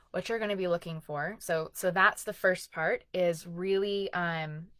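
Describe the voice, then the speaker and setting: A woman's voice: lowish voice, a bit bright, no echo. A woman in her thirties, a wellness coach, talking earnestly and conversationally, with frequent laughs. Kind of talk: teaching talk to camera.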